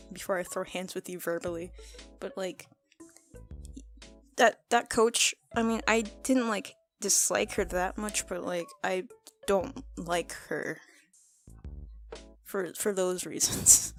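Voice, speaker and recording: A teenage girl telling rambling high school stories in a casual storytime, often laughing and restarting her sentences. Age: teens. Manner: rambling, laughing, self-correcting. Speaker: art vlogger. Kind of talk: casual storytime over a speedpaint.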